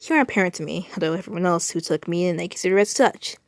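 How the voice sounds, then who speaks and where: A woman's voice: on the low side, quick pace, no room sound, clean studio sound, lightly acted. A woman voicing an angry, defiant personified young nation in a put-on American accent, reading fanfiction aloud in a bitter, hostile tone.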